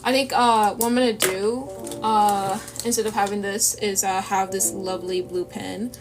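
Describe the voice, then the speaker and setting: A woman streams herself drawing and chats in a rambling, casual way with viewers while her runny nose makes her sniffle. Lofi music plays underneath her medium-pitched, steady voice, which keeps a moderate pace and drifts into self-deprecating asides.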